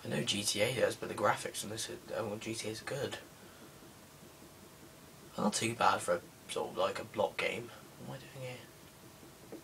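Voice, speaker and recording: In a fairly low, creaky voice with a sharp tone, a young man grumbles and mutters through casual commentary on his game for a gaming video. He moves at a moderate pace and pauses often, sounding unenthusiastic. A distant mic picks up music behind him and slight background noise.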